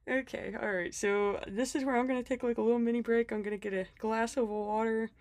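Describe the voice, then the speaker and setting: Speaking briskly on the high side with fairly even intonation, a woman's slightly mellow voice comes through with no room sound. The planner vlogger is sick and short of breath while chatting about her budget planner, self-deprecating and laughing often between ums.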